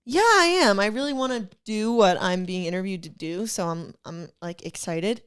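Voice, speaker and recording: Giggly young woman, smooth voice. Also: fairly low pitch, moderate pace. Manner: giggly, rambling with many fillers. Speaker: podcast co-host. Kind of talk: casual chat.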